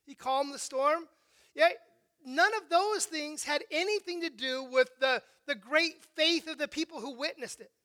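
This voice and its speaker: An emphatic preacher delivers a sermon, frequently asking "right?" and starting phrases over. The voice is high and bright. The delivery swings between hushed and raised passages. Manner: emphatic, with frequent rhetorical "right?" checks and repeated restarts.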